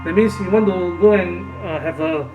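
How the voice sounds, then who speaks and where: Halting, nervous gamebook reader, a man. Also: high-pitched, phone-quality sound. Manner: hesitant, halting, with many fillers and restarts. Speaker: gamebook reader and channel host. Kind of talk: casual live gamebook playthrough. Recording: roomy, distant mic with music behind.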